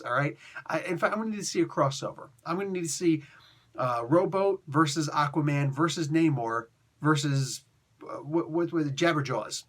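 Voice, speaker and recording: A young adult man gives a casual, excitable review of a comic book, laughing often and using slang, his voice sitting a little high.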